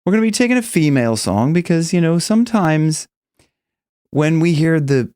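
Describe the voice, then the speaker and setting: A man teaching singing, explaining casually and breaking into high sung examples. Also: sing-song, normal speed, a little mellow, clear, resonant tone, no echo, studio quality. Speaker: vocal coach. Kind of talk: singing lesson with demonstrations.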